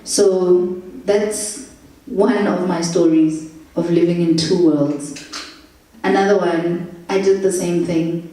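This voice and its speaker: Brief: woman, young, animated storyteller, low mellow voice, distant echoey recording. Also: slow. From South Africa. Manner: animated, laughs through anecdotes, acts out quotes. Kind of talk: casual travel storytelling. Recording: echoey room, distant mic.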